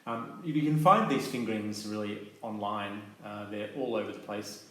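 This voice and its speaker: A man with a fairly low voice gives a calm, methodical lesson, pausing on soft fillers as he explains each point. His voice rings out in a very echoey room over a faint hiss of noise. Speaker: clarinet teacher. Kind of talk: instructional demonstration.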